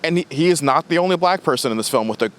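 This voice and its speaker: A man guesting on a podcast, reviewing a film in lively, expressive casual chat with frequent laughs. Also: on the high side, rapid-fire.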